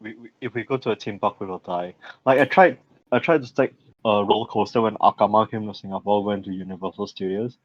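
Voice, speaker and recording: A young man, co-hosting a podcast in casual chat. He laughs often, swears freely and tells stories with animated energy. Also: fairly low pitch, fast talker, no echo. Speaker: podcast co-host. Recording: dry, slightly dull podcast mic sound.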